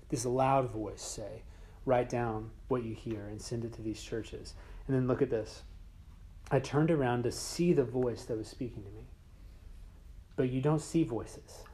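A man teaching a Bible class in a relaxed, conversational way, getting animated and sometimes dropping to a whisper for emphasis. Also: medium pitch, slight background noise.

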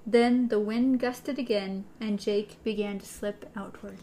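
A woman's voice: mid-range voice, fairly even intonation, a little slow, warm tone, slight background noise. A woman co-hosting a podcast, reading a novel aloud and discussing it playfully. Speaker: podcast co-host.

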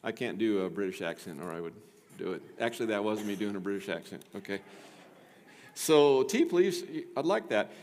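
Pastor preaching in a reverberant church. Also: male voice, lowish voice, brisk, a little hiss or hum. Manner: lively, with joking asides to the congregation. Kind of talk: sermon. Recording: long reverb of a church sanctuary.

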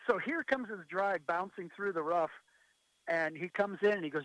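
A man's voice: high voice, brisk, no echo, rough recording. A man, a golf pro guest, casually telling funny stories from his touring days with lots of laughs. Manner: animated, laughing storyteller. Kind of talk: casual storytelling.

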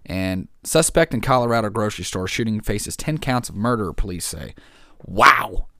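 A man's voice: fairly low pitch, expressive, brisk, no room sound, clean studio sound. A man casually reading headlines aloud and reacting to them, joking and rambling, calling people "man" and "dude". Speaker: vlogger reacting to news.

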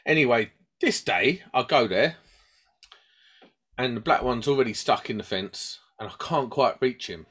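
A British man in casual chat who spins a rambling tale and slips into little voices for the people in it. He speaks at an ordinary mid pitch, neither deep nor high. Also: moderate pace, husky. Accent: British English. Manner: rambling and animated, acts out voices in his stories.

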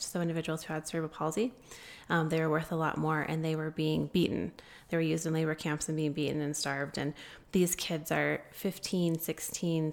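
Creaky-voiced woman telling a story. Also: deep voice. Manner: earnest, many filler pauses. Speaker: guest, founder of an anti-trafficking group. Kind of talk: interview storytelling.

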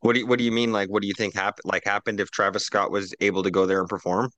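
A man's voice: fairly low pitch, little pitch movement, quick pace, fairly bright tone, no echo. A man on a casual roundtable podcast, ranting profanely and animatedly while drinking.

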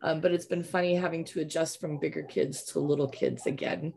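A woman's voice: sits low, fairly even intonation, brisk, gravelly, darkish tone. A middle-aged woman hosting a casual interview chat, rambling and chatty with many fillers. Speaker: podcast host.

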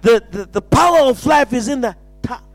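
A man's voice: very high-pitched, expressive, brisk, no room sound. A man preaching an impassioned sermon, repeating phrases and stumbling into restarts.

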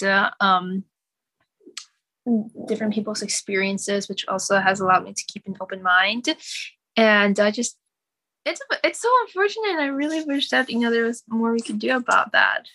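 Earnest woman, bright dry voice. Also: medium pitch, no echo. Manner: supportive, earnest, hesitant with fillers. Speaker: podcast co-host. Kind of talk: casual chat.

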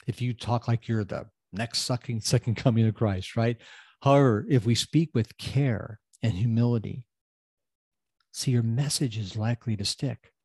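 A man hosting a podcast, giving a motivational talk and repeating phrases, swinging from loud emphasis to quiet asides. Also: mid-range voice, normal speed, husky, dry recording. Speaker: podcast host.

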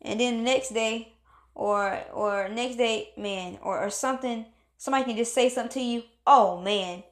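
A woman's voice: a little high, normal speed. Woman, motivational vlog talk, encouraging, repeats herself, acts out moods, reverberant room. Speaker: motivational speaker.

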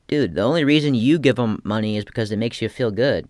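A man's voice: mid-range voice, expressive, brisk, hardly any pauses, dry recording. A young man talking in a casual rambling monologue, slangy and profane, with lots of restarts. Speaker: aspiring comedian.

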